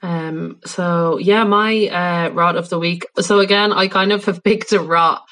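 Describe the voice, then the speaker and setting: A woman's voice: lowish voice, steady tone, a little slow, a bit bright. A young Irish woman co-hosting a podcast in casual, laughing chat full of fillers. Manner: chatty, laughing, filler-heavy. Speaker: podcast co-host.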